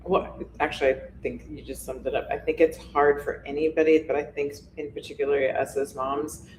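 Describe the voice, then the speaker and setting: A woman's voice: sits low, level tone, fairly quick, a little mellow, slight background noise. Woman co-host asking questions, echoey room. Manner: conversational, asks probing questions. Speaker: coach and co-host. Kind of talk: casual interview chat. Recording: roomy echo.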